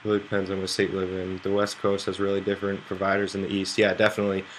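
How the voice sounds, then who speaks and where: A man's voice: low voice, monotone, rapid-fire, a little hiss or hum. A young American man streaming poker, chatting to viewers in a loose, rambling way and swearing freely. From United States. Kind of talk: casual live-stream chat to viewers.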